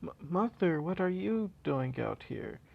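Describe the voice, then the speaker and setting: A young male hero, worn out and suspicious, who keeps asking puzzled questions, put on by a narrator. He speaks slowly with a gravelly edge. It is a casual fan story retelling. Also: medium pitch, big pitch swings, dull audio, heavily acted.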